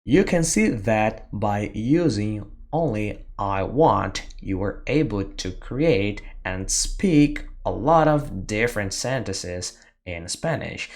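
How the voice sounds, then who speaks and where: A teacher giving a beginner Spanish lesson, drilling words and phrases slowly with pauses for the listener to repeat. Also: medium pitch. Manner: slow, deliberate drilling with pauses for repetition. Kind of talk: slow beginner language lesson.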